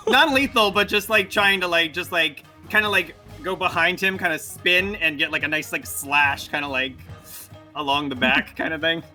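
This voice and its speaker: Brief: bright, crisp male player, rambling and loose. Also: fairly high pitch, moderate pace, soft background music. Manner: rambling, many fillers. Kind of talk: casual play at a tabletop game.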